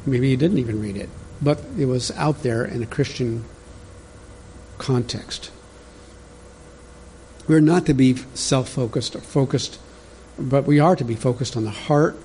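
A man's voice: mid-range voice, a little slow, pauses often, mellow, a little hiss or hum. A man preaching a sermon as pastor, in a conversational teaching manner that speaks directly to the congregation.

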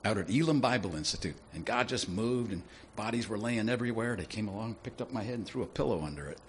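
A man preaching a sermon in a lively, conversational way, often asking his listeners questions. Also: lowish voice, fast, slight background noise. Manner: animated, conversational, asks the audience questions.

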